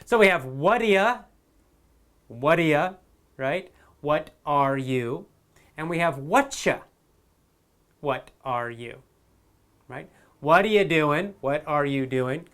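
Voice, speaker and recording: Slow, emphatic teacher. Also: male voice, fairly high pitch, expressive, fairly bright tone. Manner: slow, emphatic, repeats example phrases. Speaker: English teacher. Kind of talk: spoken English lesson.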